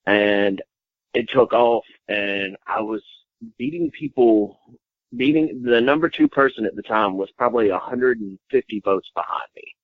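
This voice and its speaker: Low-voiced man rambling through a story. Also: big pitch swings, a little slow, no room sound. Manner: rambling, swears freely, filler-heavy. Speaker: wrestler guest. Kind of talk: casual storytelling in an interview. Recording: dull, dry lo-fi sound.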